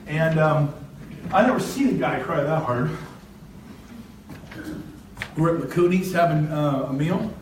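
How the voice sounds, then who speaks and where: An older man giving a motivational real estate talk to an audience, telling lively stories and breaking into shouts and laughs. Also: on the high side, a little slow, pauses often, slight background noise. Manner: animated storyteller, shouts and laughs. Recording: echoey room from a distance.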